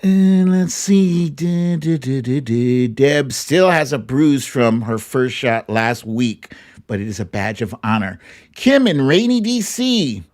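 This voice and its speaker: A man's voice: mid-range voice, animated, slow. A man hosting a live stream, reading out viewers' greetings with playful, sing-song asides and little hums. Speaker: livestream host. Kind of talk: reading a live chat roll call.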